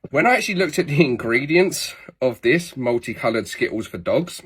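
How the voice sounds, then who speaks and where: A man's voice: mid-range voice, fairly bright tone. A man with an English accent giving blunt, emphatic dog-training tips to camera, cursing now and then. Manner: blunt, emphatic, swears casually.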